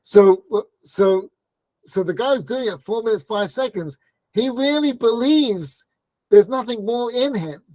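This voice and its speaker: A high-pitched, expressive man delivers a Torah class a little slowly, his tone slightly mellow and the recording free of room sound. He tells stories like a conversation, asking "right?" often and acting out what characters say.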